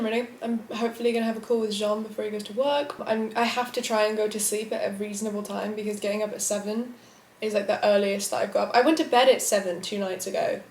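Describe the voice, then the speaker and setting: A young woman vlogging casually from a small indoor room, chatty and excitable. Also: medium pitch. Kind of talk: casual vlog diary. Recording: roomy echo.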